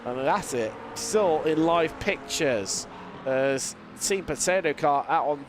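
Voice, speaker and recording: A man calling a sim race as a live commentator. He has a lingering cold, talks in a lively play-by-play with fillers and mid-sentence restarts. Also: a little high, slow, over music. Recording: voice over loud race car noise. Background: racing car engine sounds.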